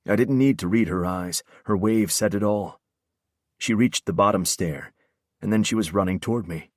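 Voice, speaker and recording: A man with a very deep, low voice reads a first-person audiobook in an intense, brooding way. He is close to the mic, and the sound is dry with no room echo. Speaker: audiobook narrator.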